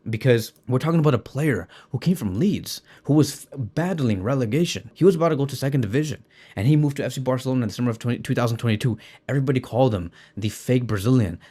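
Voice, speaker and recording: A man's voice: mid-range voice, dark tone. A man giving a passionate football opinion monologue, emphatic and repetitive, talking close to the mic. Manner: impassioned, emphatic, repeats words. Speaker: football commentator.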